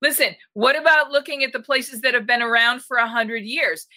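A woman's voice: a little high, fairly even intonation, normal speed, bright, forceful tone. A woman hosting a casual panel chat, asking long, rambling questions full of restarts.

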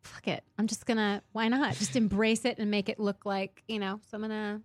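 A woman's voice: medium pitch, fairly quick, no echo. A woman in her thirties, a guest in casual chat, telling stories animatedly with many restarts. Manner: animated storytelling, frequent restarts.

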